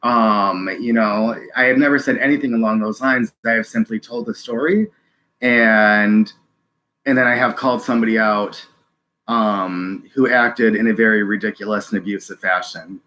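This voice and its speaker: A man hosting a live stream, reading chat and speaking earnestly, halting with many ums and restarts, close to tears. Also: fairly low pitch, fairly even intonation, bright, forceful tone.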